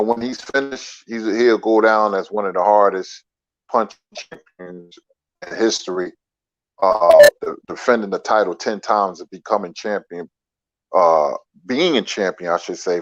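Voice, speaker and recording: A man's voice: lowish voice, no echo. A man calling in to a casual chat, stumbling over words and ending phrases with "man". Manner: drawn-out, says "man" often, stumbles on words. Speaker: call-in guest. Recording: dry, dull call-in line.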